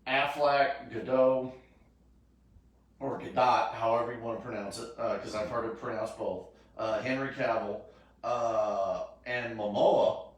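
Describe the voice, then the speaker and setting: A man chatting casually as a host, pausing and restarting his sentences with many fillers. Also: mid-range voice, steady tone. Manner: halting, restarts often with fillers. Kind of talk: casual chat. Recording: echoey room, far from mic.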